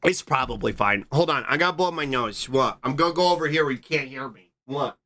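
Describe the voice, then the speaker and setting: A man chatting casually on a live stream, reading and answering his chat with quick, repeated "what?" interjections. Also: mid-range voice, bright, forceful tone.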